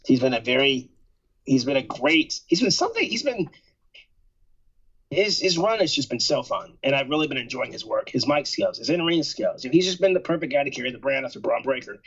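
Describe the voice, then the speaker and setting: A man's voice: medium pitch, lively intonation, fairly quick, fairly bright tone, breathy edge, lo-fi sound. A man co-hosting a casual wrestling podcast, rambling and repeating himself with a joking tone. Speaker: podcast co-host.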